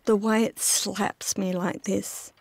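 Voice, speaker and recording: A woman's voice: medium pitch, little pitch movement, takes it slowly, creaky, darkish tone, slightly rough, dry recording. A middle-aged woman narrating her own memoir in a reflective, intimate first-person telling.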